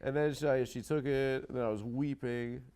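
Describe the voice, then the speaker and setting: A man's voice: medium pitch, fairly even intonation, normal speed, a little mellow, smooth. A man hosting a comedy talk show, telling a rambling self-deprecating story and swearing freely. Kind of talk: casual comedic chat.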